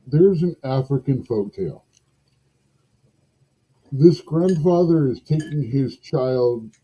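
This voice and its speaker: Slow, husky, dark-voiced man. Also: mid-range voice, poor audio. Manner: musing, rambling, self-deprecating. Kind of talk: casual podcast conversation and storytelling.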